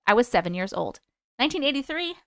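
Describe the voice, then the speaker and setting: A woman's voice: a little high, big pitch swings, fast talker, fairly bright tone, no room sound, clean studio sound. A woman in her forties hosting a livestream, chatting with viewers and reading their stories aloud in a bubbly, casual way. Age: 40s.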